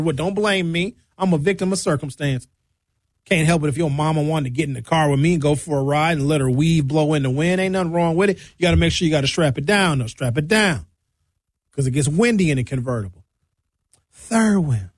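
A man's voice: dry recording, clean studio sound. A man hosting a radio show, telling comic stories loosely with big swings in his voice. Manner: loose, joking storyteller with big pitch swings. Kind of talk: comedic radio monologue.

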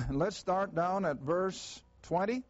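A man leads a Bible class, working through verses at a slow, deliberate pace. His voice sits fairly high, and he stresses the words he wants the class to catch. The recording sounds dull and lo-fi. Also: expressive, no echo. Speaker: Bible teacher.

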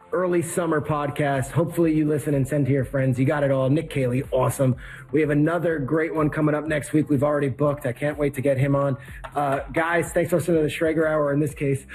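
A man hosting a podcast, chatting casually and telling stories with upbeat shout-outs before signing off. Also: fairly high pitch. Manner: chatty, storytelling, upbeat plugs. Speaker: podcast host. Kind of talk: casual podcast chat and sign-off.

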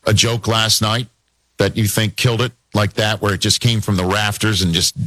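Conversational male host, lowish voice, dry close sound. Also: fairly even intonation, moderate pace, a bit bright, no room sound. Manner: conversational, asks questions. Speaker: interview host. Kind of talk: casual interview chat.

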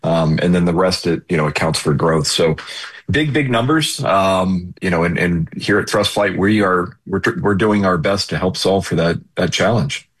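Man, low pitch, husky, radio show guest, former airline pilot, halting with fillers. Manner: hesitant, many fillers and restarts.

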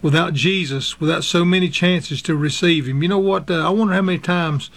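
Man preacher, slightly higher voice, earnest sermon delivery, fillers between scripture readings. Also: a bit bright. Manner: earnest, halting with frequent fillers, reads scripture in King James wording. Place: radio broadcast.

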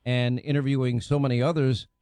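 A man's voice: medium pitch, little pitch movement, fairly quick, warm tone, clear, resonant tone, dry recording. Male host, assertive conversational delivery, dry close recording. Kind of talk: interview.

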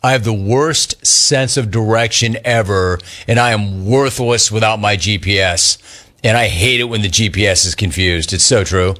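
Speaking at normal speed in a lowish, pushed, bright voice, this live talk show host reads out complaints from listeners. He ribs a caller about his name, mockingly repeating it in loose on-air banter.

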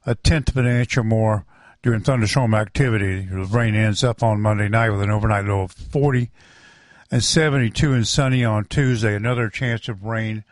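A man reading the weather forecast on a radio show in a steady, measured way. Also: lowish voice, dry recording.

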